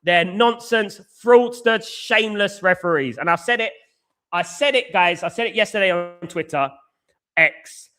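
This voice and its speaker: Excitable male stream host, high and bright, chatty and repetitive. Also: measured pace. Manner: excitable, repeats phrases, reads chat aloud. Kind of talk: casual live stream chat.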